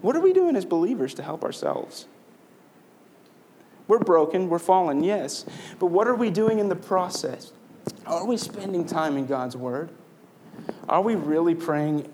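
A man's voice: a little high, darkish tone, slight background noise. A man delivering a sermon as pastor, earnest and conversational, asking his listeners rhetorical questions.

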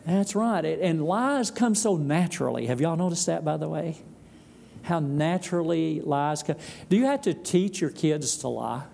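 A man's voice: fairly high pitch, expressive, moderate pace, creaky, warm tone, slight background noise. A man preaching a sermon, asking the congregation questions and dropping dry asides. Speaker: pastor.

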